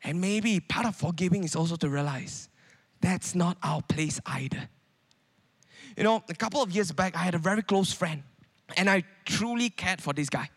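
A man's voice: sits high, lively intonation, normal speed, a bit bright. A man preaching a sermon in a conversational way, with many rhetorical questions.

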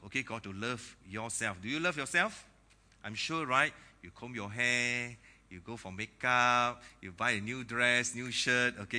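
Bright-voiced lively male preacher. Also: medium pitch. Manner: lively preacher, jokes and laughs with congregation. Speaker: pastor. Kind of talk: sermon.

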